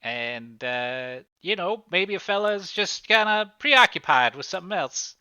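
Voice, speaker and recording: A man's voice: sits high, animated, measured pace, sharp tone, clean tone, no room sound, voice pushed up, heavily acted. Man doing a shifty, stammering rail hand. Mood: evasive. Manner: nervous, stammering and dodging questions. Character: shifty, evasive male railroad hand. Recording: slightly muffled, dry recording.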